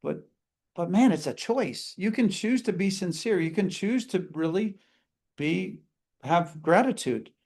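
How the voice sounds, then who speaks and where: A man with a high voice teaches a live customer service seminar. He talks with energy and slips into short acted-out greetings to show how a phone call should sound. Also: animated, unhurried, darkish tone.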